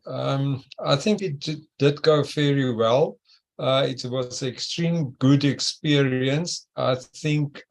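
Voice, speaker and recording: Slow gravelly guy on a zoom call, kinda hesitant, lots of uhs. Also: medium pitch. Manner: hesitant, with fillers and halting restarts. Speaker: trading session participant. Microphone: video call.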